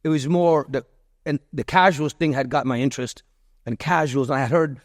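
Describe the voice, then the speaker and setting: A man's voice: mid-range voice, a little fast, no echo, clean studio sound. A man in his fifties from Miami, a podcast guest telling long stories in a loose, repetitive way with many restarts and fillers. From Miami, USA. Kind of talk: rambling interview storytelling.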